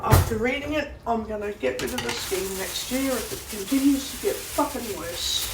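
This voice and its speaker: A woman's voice: on the high side, animated. A woman venting angrily about her frustrations while making food in her kitchen, swearing and repeating herself. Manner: angry, swearing, slow repetitive venting. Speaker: vlogger. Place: kitchen at home. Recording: roomy, distant, noisy background.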